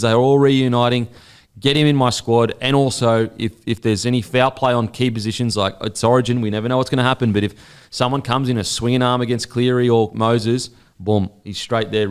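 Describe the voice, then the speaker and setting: A man's voice: mid-range voice, smooth. A man with an Australian accent co-hosting a sports podcast, talking bluntly and swearing often in casual chat. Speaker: podcast co-host.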